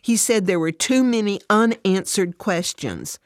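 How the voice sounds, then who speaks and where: A woman's voice: fairly low pitch, animated, a little slow, dry recording, pitched above the performer's own voice. A woman voicing an upset working mother who turns defensive and sarcastic, close to tears.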